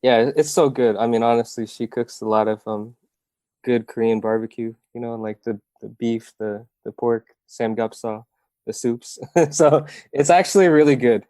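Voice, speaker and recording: A man's voice: mid-range voice, moderate pace, dark tone, no room sound. A young man from Iowa telling his story as an interview guest, earnest and heartfelt, with many fillers and restarts.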